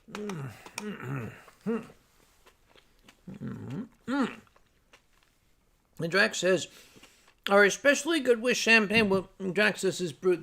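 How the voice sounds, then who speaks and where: Gravelly older man, slow wry rambling, faint background noise. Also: high voice. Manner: rambling, wry, with frequent fillers and restarts. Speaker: livestream host. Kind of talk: casual chat reading viewer comments.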